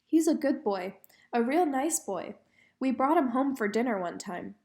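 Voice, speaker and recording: A feisty little girl chatters on in a bright, raised voice, as a woman reading a storybook puts her on. She talks fast and eagerly, her pitch climbing well above a plain speaking voice. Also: lively intonation, vocal fry. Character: feisty outspoken young girl.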